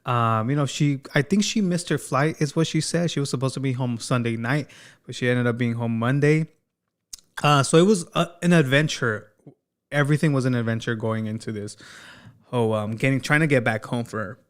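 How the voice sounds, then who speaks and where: Smooth-voiced man, slangy gossip host. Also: mid-range voice, fairly quick. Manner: casual, slangy, teasing. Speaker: commentary channel host. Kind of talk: gossip commentary.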